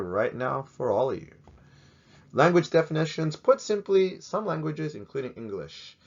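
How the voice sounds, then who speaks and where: A man teaches a casual video lesson in a somewhat low voice, cracking jokes and throwing out question after question. The sound is a little dull and lo-fi. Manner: joking, rambling, asks many questions. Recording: slightly dull lo-fi recording.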